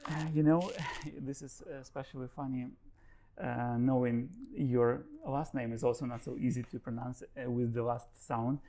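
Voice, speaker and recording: Gravelly man hosting. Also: mid-range voice, level tone, warm tone, slight background noise. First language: Ukrainian. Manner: careful, slightly halting English. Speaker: host, interviewer. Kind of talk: hosting an interview.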